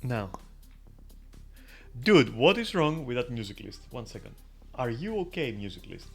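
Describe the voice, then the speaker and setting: A man's voice: medium pitch, very animated, a little slow, creaky, slightly rough. Laid-back man narrating his gameplay. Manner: laughs a lot, swears casually, chatty asides. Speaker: gamer. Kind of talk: casual gameplay commentary. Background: faint game music.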